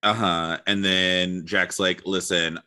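A man in casual chat, retelling a fairy tale playfully and acting out its characters in quick quotes. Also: on the low side, pushed and bright.

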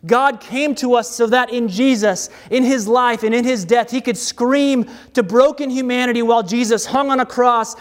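A man preaching a sermon in a slow, deliberate way, with dramatic pauses and repeated refrains. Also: very high voice, big-room sound.

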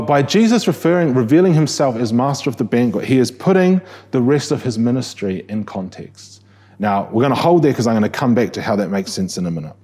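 A man's voice: medium pitch, darkish tone, slightly rough. A man with a New Zealand accent preaching a sermon in a conversational way, often restarting phrases and asking rhetorical questions.

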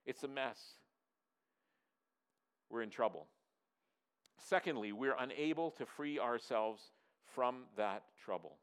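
A man, a pastor, preaching a sermon in an earnest, repetitive way, dropping his voice low for emphasis and asking the congregation to answer. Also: expressive, slow pace, long pauses, fairly bright tone, smooth. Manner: asks the audience to respond.

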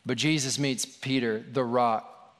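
A man's voice: medium pitch, fairly even intonation, slow pace, a bit bright. A man preaching a sermon in a conversational, storytelling way with casual asides, in a large hall. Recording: long hall reverb.

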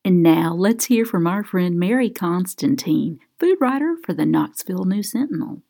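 A woman hosting a food radio show in a gentle, homey, scripted way. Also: fairly low pitch, lively intonation, normal speed, gravelly.

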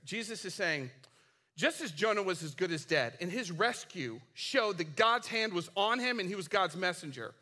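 A man's voice: sits high, expressive, normal speed, pushed and bright. A man in his forties preaching a sermon, telling a story casually with fillers and acting out the characters' lines. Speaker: pastor.

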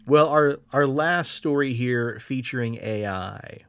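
A man's voice: medium pitch, measured pace, clean tone, no room sound. A man co-hosting a podcast, reading out chat messages and telling stories with a laugh. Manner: laughing, storytelling, reads chat. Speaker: podcast co-host. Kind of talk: casual podcast storytelling.

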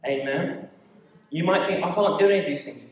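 A man preaching a sermon, telling a story in an animated way with quick asides and acted-out quoted voices. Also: on the high side. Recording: echoey hall, mic at a distance.

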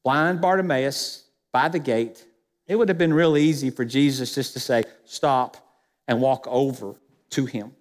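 A man's voice: medium pitch, moderate pace. A male pastor preaching a sermon in a church sanctuary, speaking with emphasis and putting rhetorical questions to the congregation. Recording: long reverb of a church hall.

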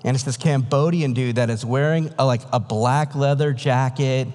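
A man's voice: mid-range voice, steady tone, moderate pace, darkish tone. A preacher telling a story in a casual, conversational sermon, acting out the voices of the people he quotes. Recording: long hall reverb.

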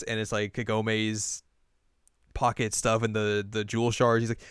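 A young man co-hosting a podcast, chatting casually and retelling scenes with quick acted quotes. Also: on the low side, little pitch movement, smooth, dry recording, studio quality. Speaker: podcast co-host. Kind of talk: casual recap chat.

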